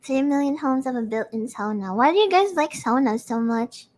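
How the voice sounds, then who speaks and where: Giggly high-voiced woman chatting. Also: normal speed, darkish tone. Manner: giggly, chatty, frequent laughter. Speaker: streamer hosting a live audio space. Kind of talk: casual chat reading audience comments.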